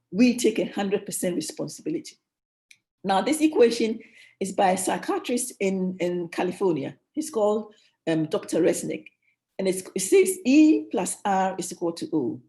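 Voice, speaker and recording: A woman's voice: medium pitch, animated, normal speed, mellow. A woman giving a motivational leadership teaching at a church, emphatic, repeating key phrases and restarting her sentences.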